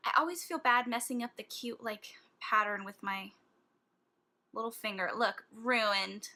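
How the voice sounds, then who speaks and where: A woman beauty vlogger swatching eyeshadows in a casual vlog, gushing and excitable, with gasps of delight. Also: fairly high pitch, unhurried.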